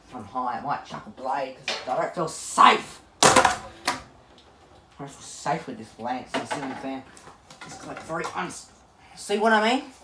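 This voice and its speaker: In a small home studio, a man who hosts the channel scolds a fan while smashing it, his commentary muttered and exasperated. He has a medium-pitched, expressive voice and a measured pace with long pauses. The mic sits far off in an echoey room, and heavy noise and loud clattering intrude.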